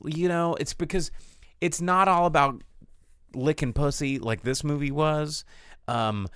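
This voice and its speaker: A man hosting a podcast, rambling through a crude, animated film review in casual chat. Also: on the high side, a little slow, clear, resonant tone, dry recording, clean studio sound.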